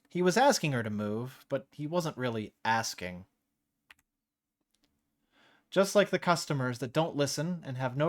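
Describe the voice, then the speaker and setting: A man hosting a live-streamed story reading, narrating casually and laughing off his slips. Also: mid-range voice.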